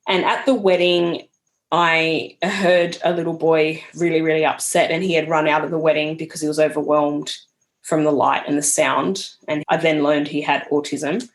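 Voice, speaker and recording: A woman's voice: low-pitched, level tone, moderate pace. A young adult woman, a podcast guest speaking in an earnest, reflective storytelling manner. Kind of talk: casual conversational interview.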